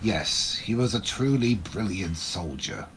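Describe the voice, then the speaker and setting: A man's voice: lowish voice, expressive, unhurried, pitched below the performer's own voice. A man voicing a pompous, scheming older male company president with a smug, condescending manner while playing a game with friends.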